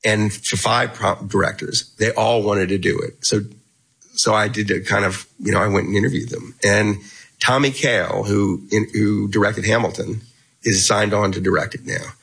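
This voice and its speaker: A middle-aged man telling an animated anecdote as an interview guest, acting out the dialogue as he goes. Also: on the low side, moderate pace, vocal fry, slightly rough, rough recording. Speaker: guest author. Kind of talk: casual storytelling in an interview.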